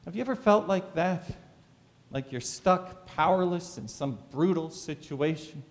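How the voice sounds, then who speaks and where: High, lively preaching man. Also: a little slow, in a large hall. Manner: dramatic preaching with rhetorical questions. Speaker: pastor. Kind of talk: sermon.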